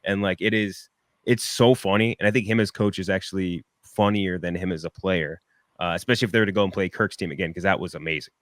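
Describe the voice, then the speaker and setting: Low voiced guy talking super fast, lots of likes and ums, dry close sound. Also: steady tone, dry recording. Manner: rapid, run-on, filler-heavy storytelling. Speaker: podcast guest. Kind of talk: casual chat.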